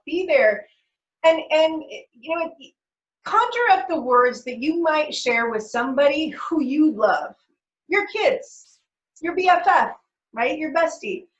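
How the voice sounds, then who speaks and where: A woman's voice: high voice, a bit bright. A woman talking casually as a parenting stress coach, chatty, full of "like" and "right?", and swearing freely. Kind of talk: casual self-help talk to camera. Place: home office. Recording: echoey room, dull lo-fi sound.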